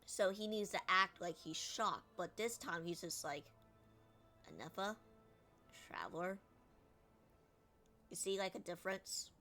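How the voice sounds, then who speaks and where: A woman's voice: medium pitch, normal speed, hardly any pauses, pushed and bright, soft background music. A woman streamer commenting on a game, chatty and acting out lines herself. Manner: chatty, critiques and re-reads lines.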